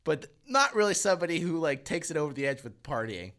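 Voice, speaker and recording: Man, podcast co-host, a bit high-pitched, laughs a lot, profane, casual anecdotes. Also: sing-song, quick pace, fairly bright tone. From Canada. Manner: profane, laughing, acts out quotes. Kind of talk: casual storytelling chat.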